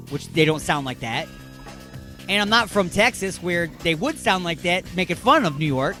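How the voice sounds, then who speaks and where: A man from the Detroit suburbs, hosting a radio show in a loud, rambling, ranting way. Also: high-pitched, animated, normal speed, soft background music. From Detroit suburbs, Michigan. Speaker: radio host. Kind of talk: rambling comic radio talk.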